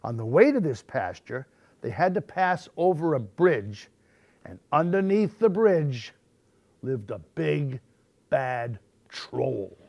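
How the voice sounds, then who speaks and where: Man, storytime reader, animated and expressive, slow unhurried reading, gravelly voice. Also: mid-range voice, no echo. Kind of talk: reading picture books aloud.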